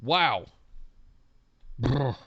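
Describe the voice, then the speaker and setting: A man's voice: mid-range voice, animated, very slow, husky, no room sound, lo-fi sound. A man hosting a podcast, reading out listener messages and chatting in an easygoing way with frequent laughter. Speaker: podcast host.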